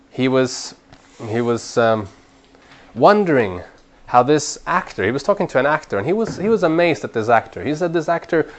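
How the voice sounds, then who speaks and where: A man with a mid-range voice leads a training class for Bible study in an earnest way. He repeats words as he builds toward a point and gets animated when urging people on.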